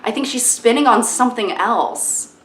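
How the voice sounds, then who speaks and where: A woman's voice: a little high, lively intonation, normal speed, fairly bright tone. Young woman vlogger, casual self-mocking chatter, echoey phone recording. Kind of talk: casual vlog chat to camera. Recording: echoey room.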